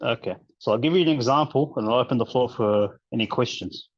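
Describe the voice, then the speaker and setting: A male teacher explaining recitation rules in a casual online class, relaxed and chatty with many fillers and restarts. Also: mid-range voice, brisk, no room sound, highs cut off.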